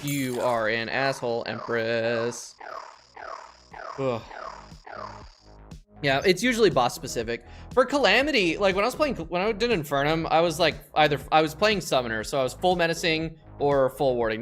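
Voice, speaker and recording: A man's voice: on the high side, expressive, normal speed, fairly bright tone. A young man casually chatting and swearing while he streams a game. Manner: chatty, swears often, rambling. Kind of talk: casual gameplay commentary. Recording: game music behind.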